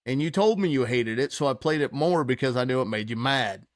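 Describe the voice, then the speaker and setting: Guy telling a crazy story, mid-pitched, lively and cussing, dry mic. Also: fairly quick, no echo. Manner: animated, swearing, laughing storyteller. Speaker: podcast co-host. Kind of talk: casual storytelling chat.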